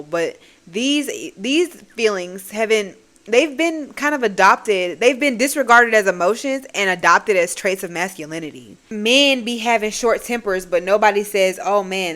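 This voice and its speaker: A woman's voice: mid-range voice, a bit bright. A young woman hosts a solo podcast, speaking bluntly and conversationally, with plenty of swearing and a preachy edge. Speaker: podcast host.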